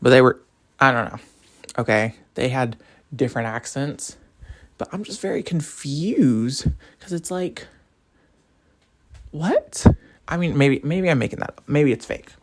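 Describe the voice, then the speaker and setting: Young male college vlogger, chatty rambling rant with lively, swooping pitch. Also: moderate pace. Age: young adult. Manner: animated, rambling, jumps between topics. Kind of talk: casual rant to camera.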